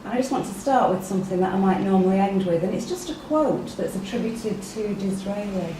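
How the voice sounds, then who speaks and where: A woman's voice: medium pitch, lively intonation, fairly quick, mellow, slight background noise. A woman with an English accent giving a chatty workshop talk, often putting questions to the audience. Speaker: workshop speaker. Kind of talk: interactive talk to a small group. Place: meeting room with a live audience. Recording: echoey room, mic far off.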